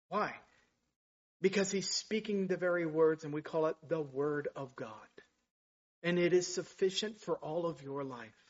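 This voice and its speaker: High-voiced preaching man, lo-fi. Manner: preaching with rising emphatic bursts. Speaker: pastor. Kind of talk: sermon.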